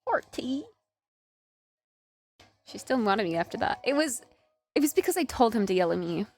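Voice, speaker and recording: A woman's voice: medium pitch, big pitch swings, fast talker, a little mellow. A woman in her twenties, a streamer in casual live-stream chat, giggly and chatty with lots of "like". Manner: giggly, chatty, filler-heavy with "like".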